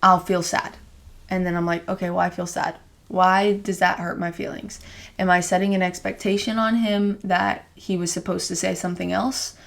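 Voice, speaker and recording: Creaky-voiced young woman rambling earnestly. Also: fairly low pitch, flat delivery, normal speed. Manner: rambling, heavy use of "like" fillers; earnest, openly emotional self-reflection. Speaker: podcast co-host. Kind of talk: casual chat.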